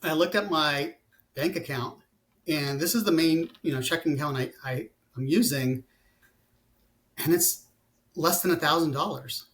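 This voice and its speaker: A man in his forties speaks as a guest in a casual interview. His voice sits a little high, and he rambles, restarting sentences and leaning on fillers. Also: unhurried, pauses often, a bit bright. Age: 40s. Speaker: guest, company founder.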